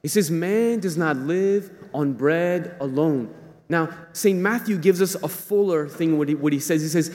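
A man's voice: a little high, a little slow, darkish tone. A man giving a conversational sermon as a priest, acting out inner voices to make his points. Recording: long reverb of a large hall.

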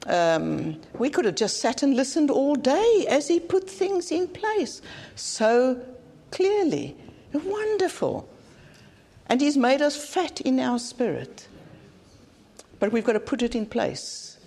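A woman's voice: high voice, very animated, takes it slowly, mellow. A South African woman preaching a conference sermon in an earnest, plain-spoken way, often repeating phrases for emphasis. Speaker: conference speaker.

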